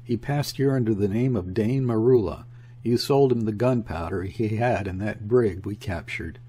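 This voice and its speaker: A man's voice: lowish voice, normal speed, dark tone, breathy edge. A man voicing a stern, curt naval lieutenant questioning a suspect. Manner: stern, clipped, interrogating.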